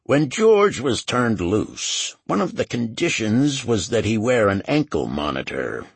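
A man voicing a nervous older male host who talks earnestly, a bit higher than his narration. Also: big pitch swings, unhurried, vocal fry, slightly rough, no echo, exaggerated voice.

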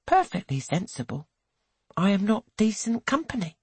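A reader voicing a poised young wife, composed and measured, in an audiobook. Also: mid-range voice, very animated, slightly rough, no room sound, pitched above the performer's own voice, heavily acted. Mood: resigned. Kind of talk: audiobook character reading.

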